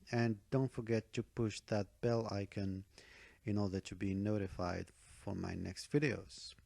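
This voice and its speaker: Male test-prep teacher, low gravelly voice, emphatic, keeps checking in with the viewer. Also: a little mellow, no room sound. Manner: emphatic, checks in with "okay?" and "all right?"; repeats key advice for emphasis. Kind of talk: online speaking-test tutorial.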